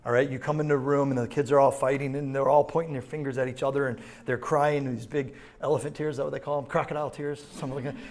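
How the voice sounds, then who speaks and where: A man preaching a sermon to a congregation, building from low, quiet points to loud, emphatic passages. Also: level tone, fast, few pauses. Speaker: pastor. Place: church sanctuary.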